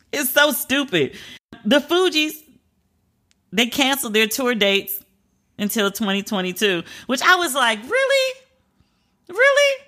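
A woman's voice: fairly high pitch, lively intonation, a little slow, long pauses, sharp tone. A woman giving casual celebrity news commentary, chatty and candid with emphatic asides. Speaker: pop culture commentator.

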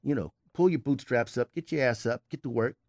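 A man's voice: mid-range voice, brisk, a little mellow, no room sound. An older man on a podcast giving blunt, emphatic tough-love advice in casual chat. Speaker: podcast regular, host's father.

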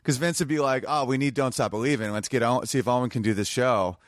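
A man who is a comedian guest, telling crude stories in casual podcast chat, lively and breaking into sung bits. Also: medium pitch, fast talker, no room sound, studio quality. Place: home man cave.

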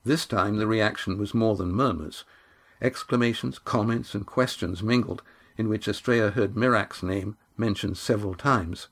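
A man reading a chapter of a novel aloud as narrator, in a measured, unhurried way. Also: on the low side. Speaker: audiobook narrator. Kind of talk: scripted narration.

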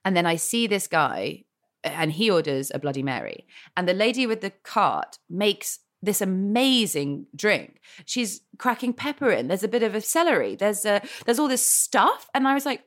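A woman's voice: lowish voice, fairly quick. A woman guest on a podcast, telling funny stories in casual chat, with lots of restarts and laughing asides. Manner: chatty, many restarts, animated laughing asides.

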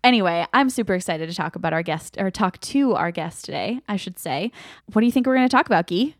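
A woman's voice: fairly low pitch, animated, fast talker, no echo, clean studio sound. A woman co-hosting a podcast in casual, playful chat. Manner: chatty, playful and laughing. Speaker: podcast co-host.

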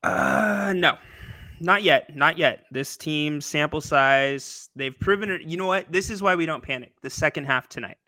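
Upbeat male sports co-host, bright edge, laughing banter. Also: on the high side, moderate pace, no echo. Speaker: basketball show co-host. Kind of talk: casual sports talk.

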